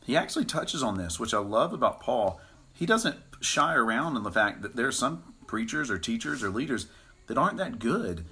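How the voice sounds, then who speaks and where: A man's voice: medium pitch, big pitch swings, moderate pace, bright, forceful tone, husky. A man co-hosting a live Bible study, talking in a playful, goofy, rambling way. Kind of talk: casual joking Bible talk.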